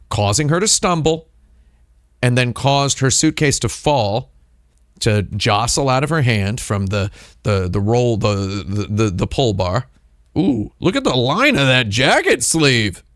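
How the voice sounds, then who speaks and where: A man hosting a casual livestream, telling a long story in a rambling way, with plenty of fillers and restarts. He talks at an ordinary pitch. The sound is dry and close, with no room echo. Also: fairly bright tone. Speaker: streamer host.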